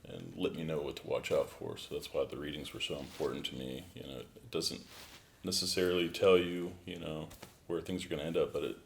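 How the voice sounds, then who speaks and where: Deep-voiced man with relaxed chat. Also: brisk, vocal fry, a little hiss or hum. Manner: relaxed, many "you know" fillers. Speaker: actor guest. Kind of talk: casual interview chat.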